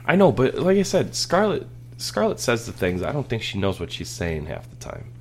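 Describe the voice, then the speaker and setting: Laughing as he tells family stories, a man in his thirties hosts a casual podcast in a mid-range voice that swings hugely in pitch. His pace is moderate, there's a little hiss or hum, and he rambles and restarts a lot.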